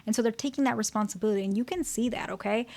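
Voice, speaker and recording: A woman's voice: fairly high pitch, rapid-fire, darkish tone. A woman therapist giving an educational talk to camera, conversational and often checking in with the listener. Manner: conversational, keeps checking in with "right?" and "okay?".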